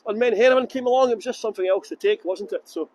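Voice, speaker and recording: A man's voice: high-pitched, fast talker, a little mellow. A Scottish man leading a live walking tour outdoors, chatting casually and reading viewer comments as he goes. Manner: chatty, rambling, reads viewer comments aloud. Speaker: tour guide. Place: outdoors on a waterfront.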